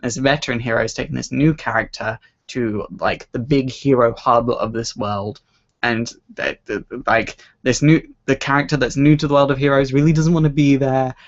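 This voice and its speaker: A man's voice: medium pitch, steady tone, moderate pace. Rambling young man on a lo-fi stream. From Scotland. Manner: rambling, self-deprecating, laughs at own stories. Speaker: livestream host answering viewer questions. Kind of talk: casual chat. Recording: dull lo-fi home stream audio.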